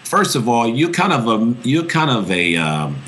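A man's voice: medium pitch, sing-song, unhurried, fairly bright tone. A man, an actor, giving a thoughtful and earnest interview answer about his voice, often restarting his phrases as he searches for words.

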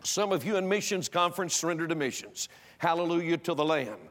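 An older man preaching a sermon, emphatic, moving between loud exhortation and hushed personal storytelling. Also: fairly high pitch, fairly quick. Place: church auditorium. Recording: long hall reverb.

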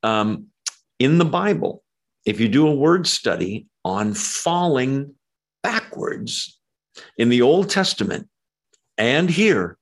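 A man preaching a sermon, animated and emphatic, with conversational asides. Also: medium pitch, gravelly. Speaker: pastor.

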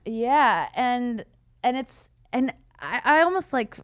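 On a podcast she co-hosts, a woman tells a story in casual chat, animatedly acting out the voices of the people in it. Her voice is on the high side and she takes it slowly.

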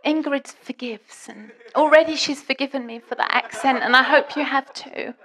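A woman preaching a sermon in a church, dramatic and swinging between hushed and loud. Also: sits high, steady tone, moderate pace, a little hiss or hum.

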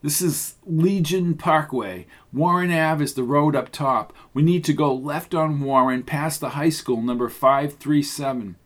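A man's voice: a little high, unhurried, few pauses, natural voice. A man voicing a sassy, free-spirited woman in her thirties with a breezy, wisecracking manner. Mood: matter-of-fact.

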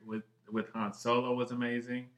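A man co-hosting a podcast, chatting excitedly with lots of swearing, jumping from one thought to the next. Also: mid-range voice, normal speed. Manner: excitable, heavy swearing, jumps between thoughts. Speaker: podcast co-host. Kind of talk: casual chat. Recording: roomy echo.

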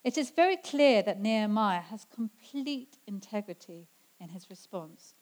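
A woman preaching a sermon in an earnest way, slowing down to stress scripture quotes. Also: mid-range voice, animated, a little mellow, low-quality recording. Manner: earnest, slows down for emphasis when quoting scripture.

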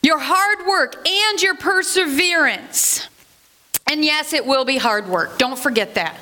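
A woman's voice: sits high, animated, takes it slowly, sharp tone. A woman giving a casual sermon as a Bible teacher, chatty, asking herself questions and answering them.

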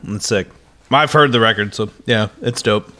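A man's voice: on the low side, normal speed, bright, forceful tone. A man hosting a casual podcast, slangy and joking, laughing along with his guest. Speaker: podcast host.

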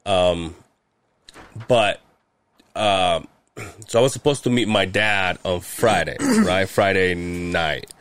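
A man telling a long personal story on a podcast in casual chat, animated and swearing often, acting out what others said. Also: low-pitched, takes it slowly, pauses often, clear, resonant tone, no room sound. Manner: animated, swears a lot, acts out quotes. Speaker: podcast host.

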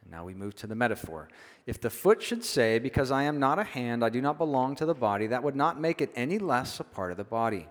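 A man's voice: mid-range voice, very animated, fast, hardly any pauses. Preaching man in a reverberant hall. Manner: conversational, keeps asking "right?". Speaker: pastor. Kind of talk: sermon. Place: church sanctuary.

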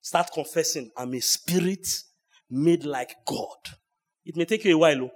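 A man preaching at a church service, swinging between hushed asides and loud shouts. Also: a little high, normal speed. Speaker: pastor. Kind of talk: sermon.

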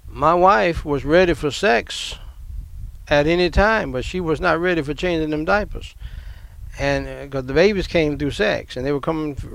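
An older man preaches a sermon, his voice a little high and noticeably gravelly. He talks to the congregation conversationally, doubling back on phrases and dropping in asides as he goes. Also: no room sound. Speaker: pastor.

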